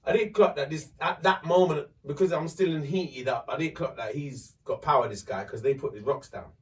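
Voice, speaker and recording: A man, hosting a podcast and telling a story in a lively, profane way. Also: fairly high pitch, fairly quick, far from the mic. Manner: animated, swearing, acts out voices in his story. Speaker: podcast host. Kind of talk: casual storytelling.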